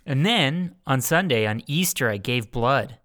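Smooth-voiced young man hosting a podcast. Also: medium pitch, lively intonation, a little slow, fairly bright tone, no room sound, clean studio sound. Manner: teasing, swears freely. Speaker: podcast host. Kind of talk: casual podcast chat.

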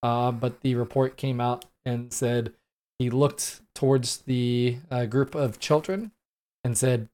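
A man in his late thirties giving solo commentary on news events, talking in an earnest, halting way with many fillers and restarts. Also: medium pitch, steady tone, darkish tone. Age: late 30s. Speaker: podcast host.

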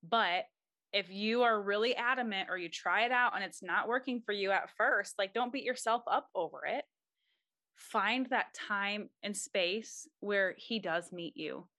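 A woman's voice: mid-range voice, unhurried, bright, forceful tone, no echo, studio quality. A young woman, a mom, giving earnest and encouraging faith-based advice as a podcast guest. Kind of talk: casual interview talk.

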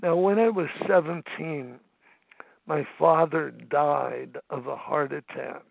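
A man in his seventies telling his recovery story at a phone meeting, halting, with many fillers and restarts. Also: on the high side, steady tone, gravelly, dry recording. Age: 70s. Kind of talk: personal testimony at a phone meeting. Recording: tinny phone line, dry.

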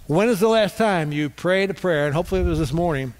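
A man's voice: a little high, expressive, fast. A man preaching a sermon as pastor, repeating key points for emphasis with occasional fillers. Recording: long hall reverb.

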